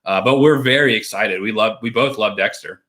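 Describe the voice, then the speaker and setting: A man's voice: lowish voice, normal speed, bright, forceful tone. A man hosting a casual live stream, rambling and reading viewer comments aloud. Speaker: host.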